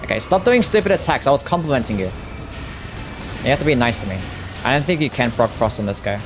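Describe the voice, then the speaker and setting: An Australian man on a live game stream, loose and jokey, talking straight to his viewers. Game music plays clearly behind his voice. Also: mid-range voice, expressive, fast talker. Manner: casual, joking, chats with viewers. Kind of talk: live gameplay stream commentary.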